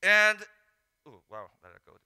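A man preaching a sermon, telling the story with lively acted-out asides. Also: unhurried. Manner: animated storytelling, acts out disciples in mock voices. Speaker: pastor. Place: large hall. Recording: echoey hall.

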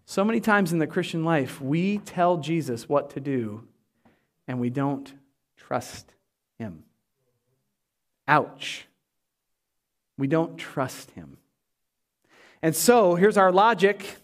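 A male pastor with a fairly high voice delivers a lively sermon. He acts out the characters with quick, animated asides, then sinks to a slow, hushed tone to drive a point home. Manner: drops to a hushed, slow voice for emphasis.

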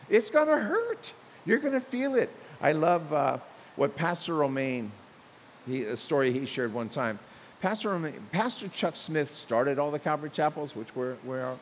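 A man preaching a sermon, telling stories and acting out quotes with lively emphasis. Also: on the high side. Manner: animated preaching with acted quotes and storytelling. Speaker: pastor. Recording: long hall reverb with faint hiss.

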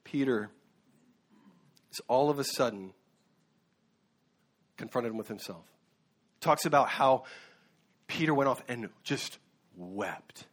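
A man's voice: medium pitch, expressive, takes it slowly, pauses often, husky. Earnest man preaching a sermon. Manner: earnest, with fillers and self-corrections. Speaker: pastor.

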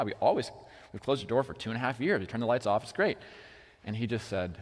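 A young man preaching a sermon about his children in a casual way, full of "like", moving between hushed and loud moments. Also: mid-range voice, sing-song, rapid-fire. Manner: casual, heavy use of "like", swings from hushed to loud. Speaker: pastor. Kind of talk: sermon with personal story. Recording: long hall reverb.

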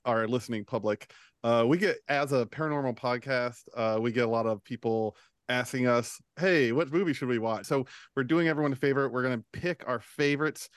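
A man's voice: mid-range voice, fairly quick, no room sound, studio quality. A man hosting a casual podcast chat, upbeat and steering the talk. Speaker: podcast host.

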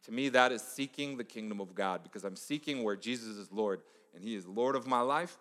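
A middle-aged male pastor giving a conversational, storytelling sermon, dropping to a hush for emphasis. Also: fairly low pitch, brisk. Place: church sanctuary. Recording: echoey church hall.

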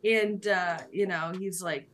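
A woman's voice: fairly low pitch, steady tone, slow pace, fairly bright tone. Rambling, giggly woman podcast host. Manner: rambling, giggly, swears often. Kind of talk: casual podcast chat, film summary.

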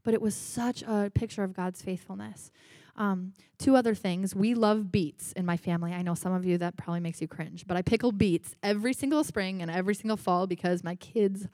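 A woman's voice: medium pitch, brisk, mellow, dry recording, studio quality. A woman sharing personal stories in church, in a chatty way with many fillers. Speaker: pastor's wife sharing stories. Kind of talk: personal testimony.

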